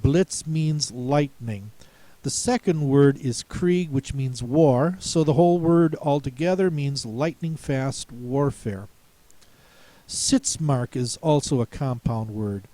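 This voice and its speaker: A man teaching a spelling lesson, speaking slowly and deliberately, pausing to repeat words and spell them out. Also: medium pitch, warm tone, no room sound. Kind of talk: slow explanatory lesson.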